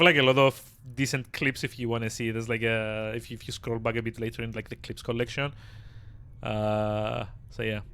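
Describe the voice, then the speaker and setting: A male livestreamer chats casually with his viewers, his voice slightly hoarse. He talks in quick, excitable bursts full of fillers and laughter. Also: medium pitch. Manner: chatty, excitable, laughs often, many fillers.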